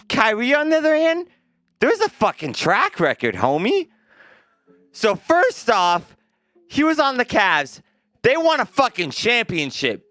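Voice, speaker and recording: Bright-voiced young man ranting about sports. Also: high-pitched, clear, resonant tone, dry recording. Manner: profane, emphatic, talks to viewers like a friend. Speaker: sports commentary vlogger. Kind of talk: casual opinion rant.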